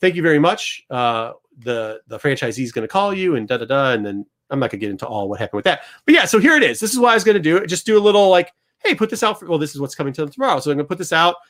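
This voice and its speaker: A middle-aged man hosts a show and tells a story with plenty of animation, acting out the other people in it. His voice sits somewhat high for a man. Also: very fast, hardly any pauses. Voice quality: animated, acts out both sides of the exchange. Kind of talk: storytelling to a studio crew.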